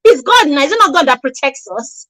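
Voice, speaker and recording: Lady with a high voice lecturing parents, keeps firing rhetorical questions, a bit sarcastic. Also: lively intonation, fairly quick, pushed and bright, low-quality recording. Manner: emphatic, repetitive, rhetorical questions, sarcastic asides. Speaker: parenting coach. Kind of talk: motivational talk to parents.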